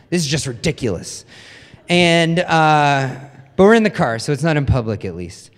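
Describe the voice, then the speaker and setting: A man's voice: a little high, expressive, moderate pace. Chatty male pastor in an echoing hall. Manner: chatty, self-deprecating storytelling with many "like"s. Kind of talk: casual conversational sermon. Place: church hall. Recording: long hall reverb.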